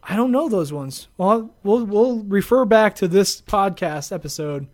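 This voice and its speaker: A man's voice: high voice, expressive, measured pace, darkish tone. A man hosting a sports podcast in casual chat, rambling and laughing often. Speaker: podcast host.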